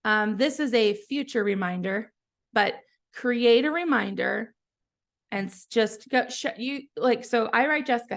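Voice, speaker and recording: A woman founder giving a casual, chatty software walkthrough, encouraging her listeners while often trailing off and restarting her sentences. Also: fairly high pitch, a little slow. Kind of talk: casual live software tutorial.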